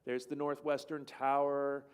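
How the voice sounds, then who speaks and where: A man's voice: medium pitch, level tone, a little slow, clean tone. A man at a church, casually telling a travel story over slides in a rambling way and acting out what people said. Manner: rambling, acts out quoted dialogue. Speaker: church speaker.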